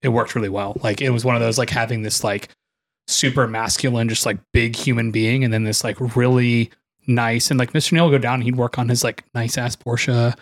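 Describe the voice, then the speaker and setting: A man's voice: mid-range voice, level tone, a little fast. A man co-hosting a podcast in casual chat, telling loose stories with frequent swearing and laughs. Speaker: podcast co-host.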